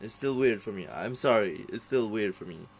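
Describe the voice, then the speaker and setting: A man's voice: fairly low pitch, lively intonation, moderate pace, creaky, a little hiss or hum, rough recording. A young man ranting casually about a TV series, rambling and swearing, with many fillers and restarts. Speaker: vlogger reviewing a TV series. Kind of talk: casual unscripted rant.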